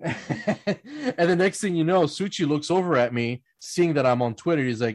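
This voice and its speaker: A man's voice: on the high side, lively intonation, moderate pace, a little mellow, no room sound. A man telling rambling anecdotes on a casual podcast panel, often laughing and restarting his sentences. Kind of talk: casual storytelling chat.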